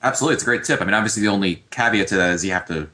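Male call-in radio host, upbeat and chatty, lower pitch, bright forceful tone. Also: rapid-fire, a little hiss or hum. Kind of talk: casual call-in radio chat.

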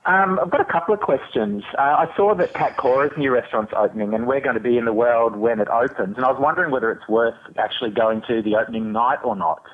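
A man with an Australian accent calling in, polite and a little hesitant, with many pauses and "uh"s. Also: mid-range voice, breathy edge. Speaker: caller. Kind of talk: casual call-in chat. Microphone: phone. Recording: tinny phone line.

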